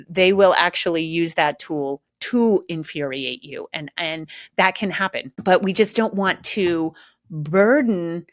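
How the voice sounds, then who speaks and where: A middle-aged woman hosts her own parenting podcast, talking straight to her listeners in a lively, emphatic, casual way and laughing now and then. Her voice sits on the low side, and the close mic sounds dry with no room echo. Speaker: podcast host, parenting advice. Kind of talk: casual solo podcast talk.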